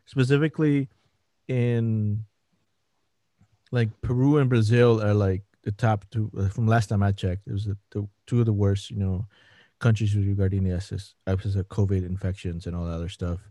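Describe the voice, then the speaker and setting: A man's voice: fairly low pitch, steady tone, normal speed, mellow, no echo, studio quality. A man co-hosting a soccer podcast, talking in a rambling, earnest way as he searches for words. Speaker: podcast co-host. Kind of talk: casual chat.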